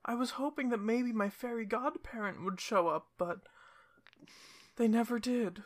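A woman voicing a sad, gentle cursed young woman who turns into a grizzly bear, with a soft, breathy, higher voice. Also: a little slow. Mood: wistful. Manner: wistful and polite.

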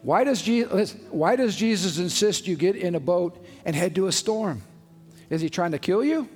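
A man's voice: high-pitched, lively intonation, moderate pace, darkish tone. A male pastor preaching a sermon with emphatic, conversational delivery and frequent rhetorical questions. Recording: long hall reverb, faint music behind.

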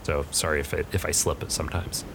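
A man narrating as game master, halting and restarting as he describes the scene. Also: very deep voice, level tone, vocal fry, noisy background. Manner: halting, lots of fillers and restarts.

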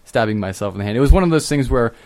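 A man's voice: mid-range voice, animated, very fast, darkish tone. A young man co-hosting a podcast, chatting casually and telling a story with frequent laughs. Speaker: podcast co-host. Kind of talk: casual chat.

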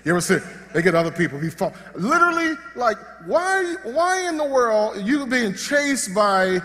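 A man preaching a sermon in a church hall, his voice sitting high for a man. He talks in an animated, joking way and often restarts his sentences. Long reverb rings out behind his words. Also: moderate pace. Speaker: pastor.

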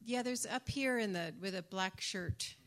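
A woman's voice: mid-range voice, unhurried, a bit bright. Chatty Irish woman in a Q&A. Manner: chatty, laughing, rambling with restarts. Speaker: audiobook narrator. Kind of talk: audience Q&A. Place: conference room with audience.

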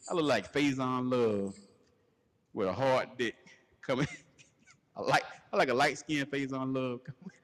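A man hosting a podcast, telling a crude comedic story in a loose, animated way and laughing as he goes. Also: mid-range voice, measured pace, long pauses. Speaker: podcast host. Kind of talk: casual comedic storytelling rant. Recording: long hall reverb.

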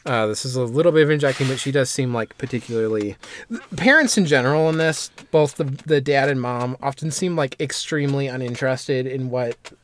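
A man's voice: mid-range voice, fairly quick, slight background noise. A man hosting a casual podcast, recapping an anime episode in a rambling way with lots of fillers and asides. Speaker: podcast host summarizing an anime. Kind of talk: casual chat.

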